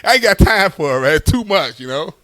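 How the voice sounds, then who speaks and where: A young stand-up comedian tells loose, conversational stories, often tagging his lines with "right?". His voice is high, bright and forceful, delivered a little fast with plenty of expression. The recording is dry.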